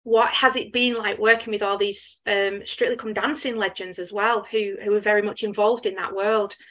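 A woman's voice: medium pitch, steady tone, normal speed, fairly bright tone. A woman interviewing a guest, asking friendly questions with many fillers and restarts.

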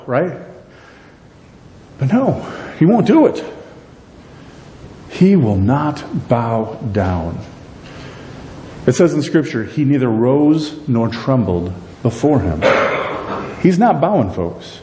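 A middle-aged man preaching a sermon as pastor, animated and joking, acting out characters and asking the congregation questions. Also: moderate pace, long pauses. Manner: animated, acts out characters in quotes; jokey, asks the congregation questions. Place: church sanctuary. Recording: echoey church hall, faint rumble.

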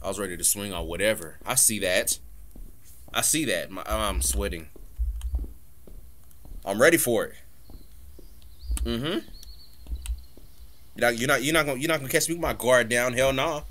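A man's voice: mid-range voice, normal speed, long pauses, fairly bright tone. A man giving casual commentary while playing a horror game, talking back to the game, swearing and joking through the scares. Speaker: gaming streamer.

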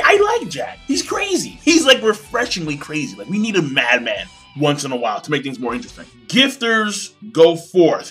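A man hosting a casual live manga reaction. He reads aloud and talks excitably, swears a lot and laughs often. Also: sits high, husky.

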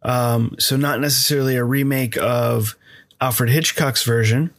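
A man's voice: medium pitch, steady tone, a little slow, dry recording, clean studio sound. An American man hosting a casual podcast chat, rambling with lots of fillers and easy laughs. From United States. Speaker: podcast host.

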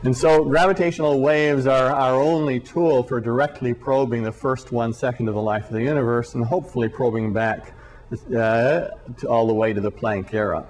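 A man giving a university physics lecture, speaking deliberately and haltingly, often repeating words, with dry sarcastic asides. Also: medium pitch, fairly even intonation, a little mellow.

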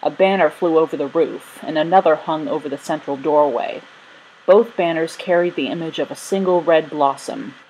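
A woman narrating a children's storybook in a gentle, steady reading voice. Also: sits low, moderate pace, a little hiss or hum, low-quality recording. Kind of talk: storybook read-aloud.

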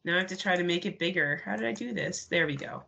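A woman's voice: on the low side, quick pace, gravelly, bright, forceful tone. A woman co-hosting a podcast, chatty and giggly as she talks about movies. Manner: giggly, chatty, laughs a lot. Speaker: podcast co-host. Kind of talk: casual movie review chat.

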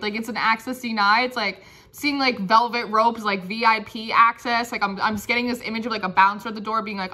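A woman's voice: fairly high pitch, steady tone, brisk, few pauses, pushed and bright. A woman giving a casual tarot reading, chatty and playful, often laughing and breaking into song. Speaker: tarot reader.

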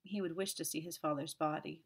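A woman reads a smooth, imperturbable male detective with a cold edge of menace. He speaks evenly and calmly, never ruffled. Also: low-pitched, a little fast, full character voice. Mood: cool.

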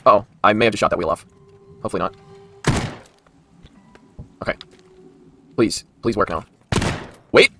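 A man's voice: fairly low pitch, moderate pace, vocal fry, pauses often, noisy background. A man casually commentating his own gameplay, talking to the game and breaking into exasperated outbursts. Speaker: gaming video host.

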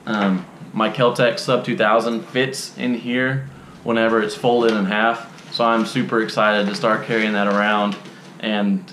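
A man's voice: on the low side, unhurried, slight background noise. Man, young adult, casual unboxing review, drawling, filler words, echoey room. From Texas. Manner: relaxed, drawling, frequent ums and uhs. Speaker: unboxing vlogger. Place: dim indoor room.

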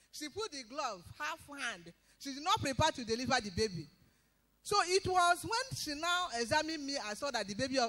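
A woman giving an emphatic spoken testimony in church, breaking into loud praise. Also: high-pitched.

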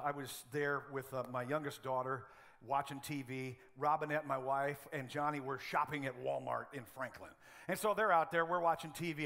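In church, a middle-aged pastor delivers a sermon in a high, gravelly, bright voice. Humorous stories and an animated delivery keep it lively.

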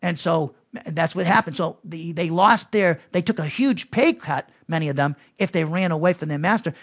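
A man's voice: a little high, normal speed. A man teaching a Bible lesson as pastor, talking conversationally with restarts and asides to his listeners.

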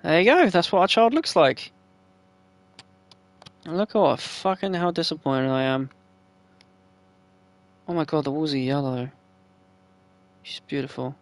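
Casual gameplay commentary, gravelly voice, mid pitch, chatty, swearing. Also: unhurried, long pauses, no room sound. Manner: chatty, swears freely, talks to the game characters.

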